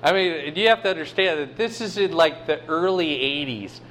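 A man's voice: fairly high pitch, moderate pace, a bit bright, slight background noise. A man in his fifties preaching a casual sermon in a folksy way, with joking asides. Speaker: pastor.

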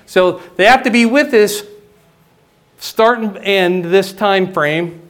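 A man's voice: slow pace, a bit bright. Man preaching with frequent check-ins. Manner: conversational teaching, frequent "right?" and "okay?" check-ins; rises in pitch and volume for emphasis. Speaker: pastor. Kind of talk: sermon.

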